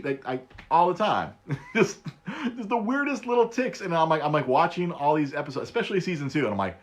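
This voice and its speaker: A man in his thirties hosting a casual solo podcast, laughing often, stammering and repeating words, and jumping his voice high for quoted bits. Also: big pitch swings, brisk. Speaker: podcast host.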